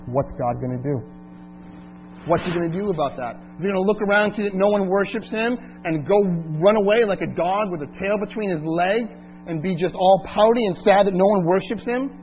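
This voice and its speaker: A man delivering a sermon in a fairly high voice, pushing to stretched, emphatic peaks on the scripture passages. The recording is thin and phone-like, with a faint mains hum underneath. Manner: rises to emphatic, drawn-out peaks when reading scripture. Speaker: preacher.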